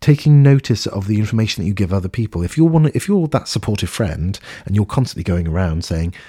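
A man with a low, dark, husky voice talks casually on a podcast. He is candid and earnest, musing aloud and letting an occasional swear word slip. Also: very animated, fast. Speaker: podcast host. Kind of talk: reflective casual podcast talk.

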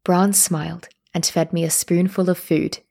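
A woman reading a first-person story aloud as narrator, at a steady, measured pace. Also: on the low side, creaky.

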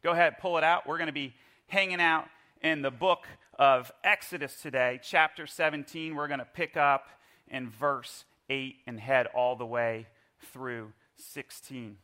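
A middle-aged man preaching a sermon in church, telling a lively personal story and leading the congregation in call-and-response. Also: medium pitch, measured pace. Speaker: pastor. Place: church service.

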